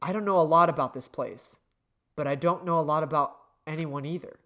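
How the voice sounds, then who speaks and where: Excitable male gamer, casual commentary. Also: on the high side, a little fast. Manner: excitable, laughing, swearing. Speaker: let's play gamer.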